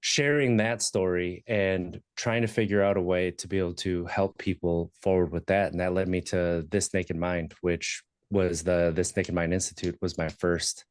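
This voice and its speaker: A man in his thirties speaks in a very low voice, candid and reflective, pausing on fillers as he tells his own story as a podcast guest. The recording is dry and close. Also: steady tone, no echo. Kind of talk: personal story in conversation.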